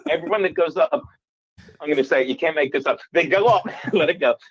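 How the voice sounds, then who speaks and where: A man's voice: a little high, expressive, brisk, breathy edge. Rambling comedian man on lo-fi audio. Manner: rambling storyteller, laughs at himself. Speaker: comedian guest. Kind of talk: casual chat.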